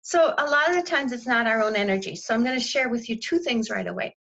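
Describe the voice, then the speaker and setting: Woman spiritual coach on a group call, higher-pitched, eager and repetitive, muffled call audio. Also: quick pace, creaky, fairly bright tone. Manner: enthusiastic, repetitive, playful exclamations. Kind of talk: guided spiritual coaching talk.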